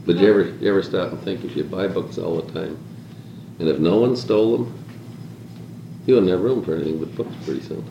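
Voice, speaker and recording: A man's voice: low voice, fairly quick, vocal fry, pauses often, highs cut off. A man leading an informal talk to a small group, reflective and rambling, stacking up repeated calls to "consider" as he goes. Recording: echoey room with faint hiss.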